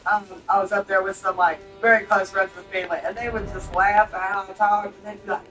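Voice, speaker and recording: A woman's voice: medium pitch, flat delivery, fast talker, fairly bright tone, faint music behind. Chatty Southern woman, distant mic. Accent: Southern US twang. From southern United States. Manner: chatty and blunt, laughs often. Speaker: gaming streamer. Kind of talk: casual chat while playing.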